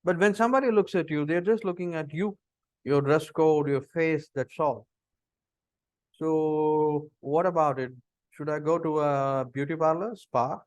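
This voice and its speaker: A middle-aged man with an Indian English accent, giving a lecture on interview skills, lively and full of rhetorical questions. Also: fairly high pitch, dry recording. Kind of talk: lecture on interview body language.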